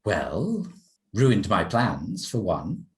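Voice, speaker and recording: A man's voice: fairly low pitch, huge pitch swings, drawn-out words, exaggerated voice. A man voicing a haughty noblewoman who turns sulky when things go wrong, with a prim, clipped, indignant way of speaking. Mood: cold.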